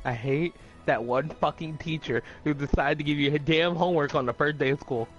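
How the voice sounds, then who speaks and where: A man's voice: on the high side, a little fast, muffled recording. A man chatting casually with a friend during a game, ranting with lots of swearing and laughter, with faint music behind. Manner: profane, animated, laughs a lot. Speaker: friend on voice chat. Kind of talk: casual gaming chat.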